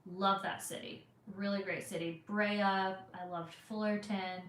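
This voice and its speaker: A woman's voice: medium pitch, fairly even intonation, unhurried, fairly bright tone. Chatty Californian woman, echoey room. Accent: Southern Californian. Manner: chatty, rambling, many fillers. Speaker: vlogger answering live chat. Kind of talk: casual live-stream chat.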